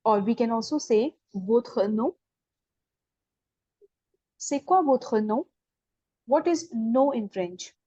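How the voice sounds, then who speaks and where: A woman with an Indian English accent teaches beginners' French online, patiently and slowly explaining, then asking questions and correcting. Her slightly high voice is animated, mellow and husky, and the lo-fi recording carries no room sound.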